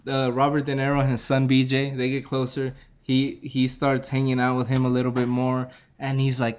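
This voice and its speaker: A man's voice: medium pitch, completely flat delivery, normal speed, darkish tone, smooth. A man casually reviewing a movie, retelling the plot in a rambling way, laughing and correcting himself as he goes.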